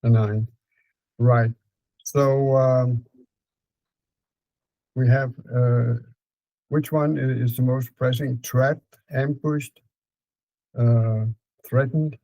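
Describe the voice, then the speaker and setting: A man with a Danish accent calmly guiding a client through a therapy session, repeating prompts slowly. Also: medium pitch, no room sound, rough recording. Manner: calm, repetitive prompting with fillers.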